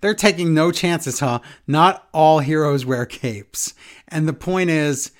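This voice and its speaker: A man's voice: a little high, slow. Wisecracking man reading listener emails. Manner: joking, reads emails aloud with asides. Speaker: podcast co-host.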